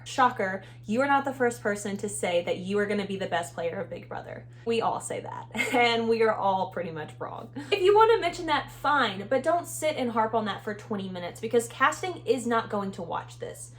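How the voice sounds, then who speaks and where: A woman's voice: fairly high pitch, slight background noise. Upbeat Texan woman, chatty and emphatic. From Texas. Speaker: vlogger, former reality show contestant. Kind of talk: casual advice vlog.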